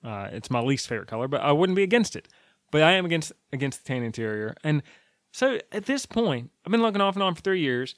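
A man's voice: on the high side, big pitch swings, fast, a bit bright, no room sound, clean studio sound. A man rambling casually on his own, chatty and opinionated, with frequent fillers and asides.

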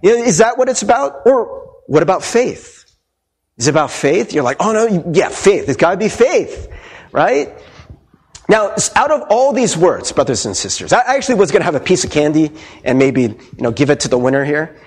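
A man preaching a sermon as pastor, playful and animated, asking the congregation many questions. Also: on the high side, a little fast.

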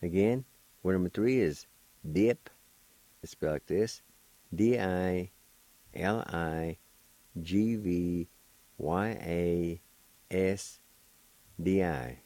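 A man's voice: low-pitched, very slow, long pauses, mellow, no echo. A man hosting a radio language lesson, patiently spelling out letters and syllables one at a time. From United States. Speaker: radio host teaching Cherokee words.

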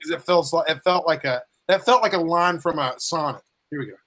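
A man's voice: a little high, fairly quick, pushed and bright. A young man co-hosting a casual show, joking around, hyped and swearing casually. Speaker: co-host.

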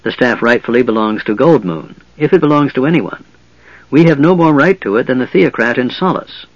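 A man voicing Tanis, a calm half-elf leader. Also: medium pitch, no room sound, highs cut off. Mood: firm, measured. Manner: measured, firm.

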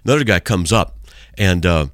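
A male street evangelist preaching on talk radio, fervent and emphatic, hammering his points again and again. His voice sits low but swings animatedly up and down. The sound is dry and close to the mic. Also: expressive, normal speed, a bit bright, dry recording.

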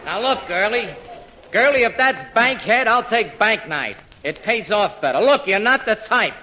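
An actor playing a brusque, dismissive theatrical agent in a 1940s radio comedy sketch. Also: male voice, high voice, lively intonation, unhurried, pushed and bright, full character voice. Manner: curt, dismissive.

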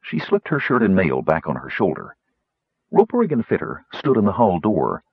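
A man reading a fantasy novel aloud in measured storytelling narration. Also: deep voice, huge pitch swings, creaky, husky, dry recording, phone-quality sound. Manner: measured storytelling, shifting into character voices. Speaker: audiobook narrator.

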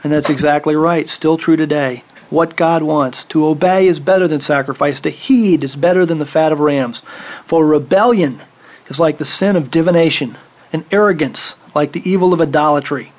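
A man's voice: a little high, moderate pace, a little mellow. A man preaching a sermon, teaching from the Bible and acting out the voices of the people he quotes.

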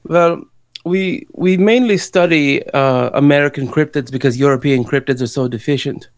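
A man's voice: fairly high pitch, moderate pace, dry recording, natural voice. Man putting on a pompous fake German expert. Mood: deadpan pompous. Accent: put-on German accent. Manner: pompous, evasive, deadpan. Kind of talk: improvised comedy podcast.

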